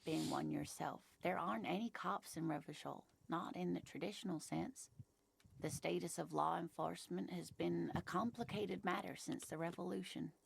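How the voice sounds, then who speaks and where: A woman's voice: lowish voice, vocal fry, husky, exaggerated voice. An actress voicing an elderly, condescending woman in a video game, sweetly patronizing and calling the listener dear. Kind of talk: game voice acting.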